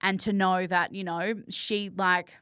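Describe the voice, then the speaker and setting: A woman's voice: on the low side, flat delivery, measured pace, sharp tone, clean tone, no echo, studio quality. A young woman, a podcast guest speaking openly and from the heart in a conversational interview, filling her talk with "like". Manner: open and heartfelt, peppered with "like".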